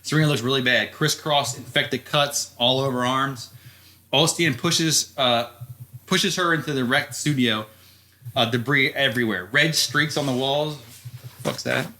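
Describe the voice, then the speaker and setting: A man's voice: medium pitch, unhurried, sharp tone. A man co-hosting a podcast, recapping a story in loose, profane chat with frequent laughs. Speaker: podcast co-host.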